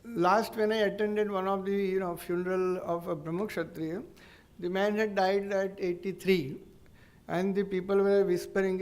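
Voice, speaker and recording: An Indian English man gives a public lecture as a neurologist. He speaks in a fairly high voice, earnest and explanatory, often pausing and restarting his sentences. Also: level tone, a little mellow.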